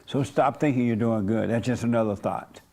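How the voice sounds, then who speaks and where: A man's voice: medium pitch, normal speed, darkish tone. A man leading an informal church service, talking to his congregation in a blunt, folksy, conversational way and coaxing answers from them. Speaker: pastor.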